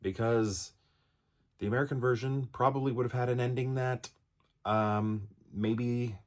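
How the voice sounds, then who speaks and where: A man's voice: medium pitch, steady tone, unhurried. A man reviewing a film in a casual, rambling monologue, with lots of fillers and restarts and acted-out quotes. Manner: rambling, many fillers and restarts, acts out characters' lines.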